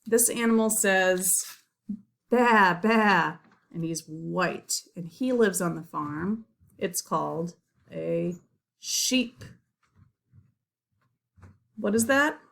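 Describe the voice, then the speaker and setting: A woman gives a children's lesson at a very unhurried pace. Her voice has a gravelly, creaky edge, and she sounds gentle and encouraging as she names farm animals. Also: lowish voice, lively intonation. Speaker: teacher. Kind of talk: slow, simple lesson for young children.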